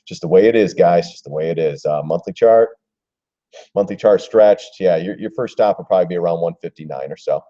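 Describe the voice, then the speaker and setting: A man's voice: low-pitched, brisk, dark tone, lo-fi sound. Laid-back man talking stock charts. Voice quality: rambling, chuckling, talks to viewers by name. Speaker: stock trading live stream host. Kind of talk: casual live chart commentary.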